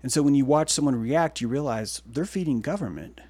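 A man hosting a livestream, talking in a meandering, excitable way that swings between loud bursts and hushed asides. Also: mid-range voice, a little fast, no room sound. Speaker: livestream host. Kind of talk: rambling livestream monologue.

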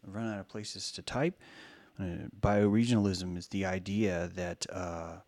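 A man's voice: low-pitched, flat delivery, unhurried, darkish tone, no room sound. A man giving a loose, rambling spoken lecture, swearing freely and acting out the voices he quotes.

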